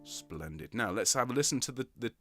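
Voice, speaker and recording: A man leading a choir rehearsal, counting in, giving gentle praise and singing short lines high and soft. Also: animated, a little fast. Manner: encouraging, counts in and sings demonstrations in falsetto. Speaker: choir director. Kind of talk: online rehearsal teaching. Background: piano.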